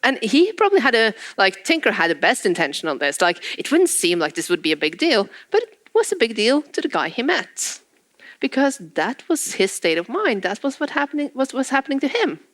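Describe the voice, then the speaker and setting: Lively woman from Norway giving a talk. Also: on the high side, a little fast, dry recording. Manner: animated storytelling, acting out quotes, frequent laughter. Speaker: speaker on penetration testing. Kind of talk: conference talk.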